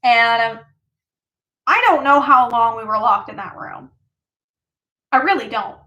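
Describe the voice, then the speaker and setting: A woman's voice: on the high side, a little slow, pushed and bright. A woman vlogger casually telling a personal story, rambling with lots of fillers.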